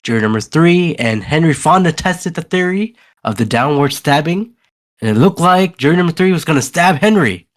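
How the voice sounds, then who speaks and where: A man hosting a podcast, casually recapping a movie scene by scene with many pauses and fillers. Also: a little high, expressive. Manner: rambling, hesitant, many uhs. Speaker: podcast host.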